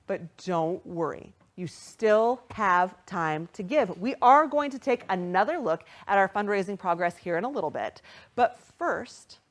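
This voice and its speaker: A young adult woman hosting a virtual charity gala, reading out donations with upbeat, excited patter. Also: medium pitch. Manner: upbeat, animated, bursts of excited squeals at donations. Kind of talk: live fundraising emcee patter.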